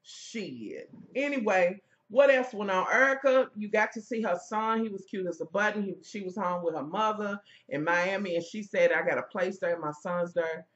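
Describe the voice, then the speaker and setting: A woman giving heated, profane commentary as she reviews a reality TV episode, sassy and loud. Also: medium pitch, normal speed, few pauses, dull audio.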